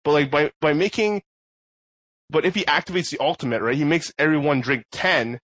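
A man's voice: a little high, a little fast, a bit bright, no echo. A man telling a story in a casual podcast chat, rambling with many fillers and laughing often. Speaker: podcast co-host.

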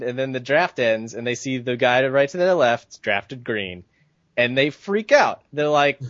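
A man's voice: medium pitch, lively intonation, a little slow, fairly bright tone, no room sound. A man co-hosting a podcast, ranting in a heated, profane, casual way. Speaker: podcast co-host. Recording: dull, dry lo-fi sound.

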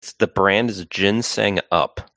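A man co-hosting a podcast in casual chat, relaxed and a little hesitant with fillers. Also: on the low side, slow, no room sound. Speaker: podcast co-host and writer.

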